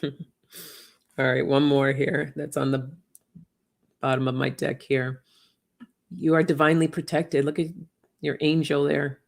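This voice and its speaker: A woman giving a live oracle card reading in a gentle, emotional, reflective way, often laughing softly. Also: low-pitched, level tone, measured pace, creaky, pauses often.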